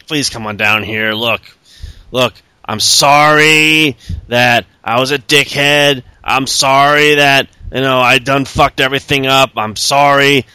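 A man's voice: on the high side, sharp tone, clean tone, no room sound, voice pushed down. A man voicing a male wrestler who rambles through apologies and begs his team to come back.

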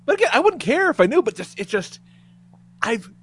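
A man co-hosting a podcast, telling a story in a loud, profane way and laughing as he goes. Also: very high voice, very animated, brisk, breathy edge. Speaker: podcast co-host. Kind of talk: casual storytelling chat.

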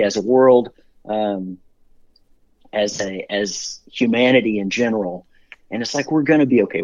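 A middle-aged man, a company CEO, telling stories as an interview guest in an upbeat, rambling way with many fillers and restarts. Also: mid-range voice. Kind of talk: casual interview storytelling. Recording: dull lo-fi sound.

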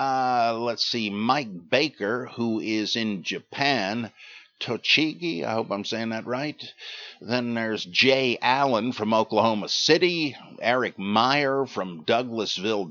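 A man's voice: fairly low pitch, fairly bright tone. An older man hosting a podcast, reading out listener names and questions in a rambling way with dry asides and many hesitations. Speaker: podcast host. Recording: dull lo-fi recording.

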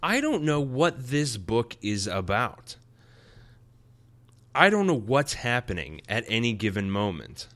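A man hosting a podcast, reviewing a comic in a playful, excitable casual way. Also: mid-range voice, a little slow. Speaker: podcast host.

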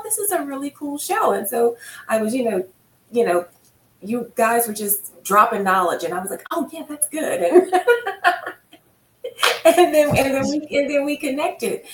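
Woman, interview host, enthusiastic, gravelly, roomy distant recording. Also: a little high. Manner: enthusiastic and chatty. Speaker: podcast host. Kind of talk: casual interview chat. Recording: roomy, distant mic with faint noise.

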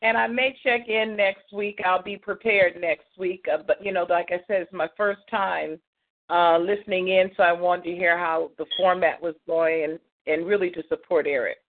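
A woman's voice: fairly low pitch, fairly even intonation, normal speed. A woman calling in to a radio show, friendly and easygoing. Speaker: caller. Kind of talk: casual phone call. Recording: phone-line audio.

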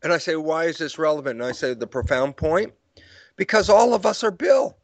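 A man's voice: fairly high pitch, lively intonation, fairly quick, no room sound. An older man explaining ideas in an interview, acting out his own lecture stories with quoted dialogue and frequent laughs. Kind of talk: storytelling explanation in conversation.

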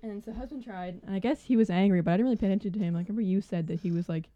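A young woman telling a work story casually on a podcast, animated and full of "like" fillers. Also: medium pitch, racing, no echo, dull audio.

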